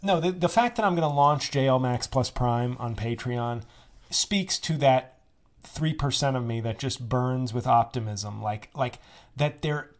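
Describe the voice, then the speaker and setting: A man's voice: medium pitch, a little slow. A man in his forties, a comedian hosting his podcast solo, rambling in a sardonic, self-deprecating way. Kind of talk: casual solo podcast monologue.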